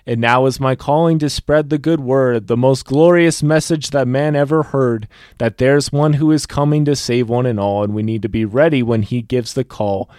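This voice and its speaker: A man's voice: medium pitch, fairly even intonation, moderate pace, few pauses, a little mellow, no room sound, studio quality. A young man hosting a personal faith podcast, speaking earnestly and reading a rhymed poem aloud. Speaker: podcast host.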